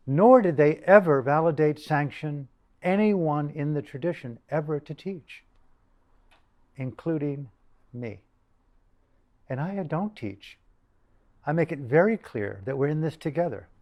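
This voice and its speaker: An older man giving a dharma talk to a group, emphatic and deliberate, repeating phrases for stress. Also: a little high, lively intonation, a little mellow. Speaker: dharma teacher.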